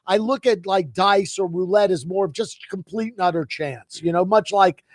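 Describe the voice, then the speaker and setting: A man's voice: high voice, moderate pace, no echo. A man co-hosting a casual sports talk show, playful and teasing in his banter. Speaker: co-host. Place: radio studio.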